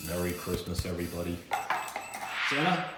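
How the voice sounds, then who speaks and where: A man's voice: low-pitched, big pitch swings, moderate pace, distant mic, heavy background noise. A middle-aged man hosting a family video, upbeat, teasing and playful in casual chat at home. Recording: roomy sound, loud music behind.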